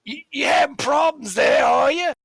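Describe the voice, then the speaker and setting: A man voicing a jovial bearded male tavern keeper who talks loudly and heartily across the bar. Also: very high voice, moderate pace, gravelly, no echo, pitched above the performer's own voice, exaggerated voice. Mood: hearty.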